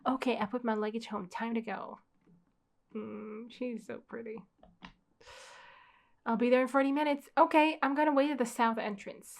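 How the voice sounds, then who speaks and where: A woman's voice: on the high side, fairly even intonation, normal speed, creaky, pauses often. A young woman reading the lines of a cheerful teenage schoolgirl in love, in an earnest, sweet manner.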